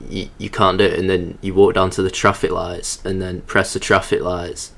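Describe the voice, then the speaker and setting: A man's voice: sits low, little pitch movement, moderate pace, vocal fry, fairly bright tone. A young man narrating his hike in a rambling, sardonic, sweary voice-over. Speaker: hiking vlogger.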